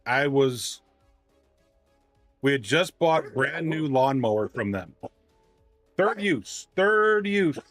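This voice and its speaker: A man casually telling a long story on a livestream, ranting and animated, often restarting his sentences. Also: medium pitch, dry recording.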